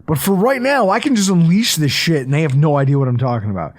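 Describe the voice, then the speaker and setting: Animated, foul-mouthed podcast co-host. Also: male voice, fairly high pitch, quick pace. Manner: animated, profane storyteller. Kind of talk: casual podcast chat.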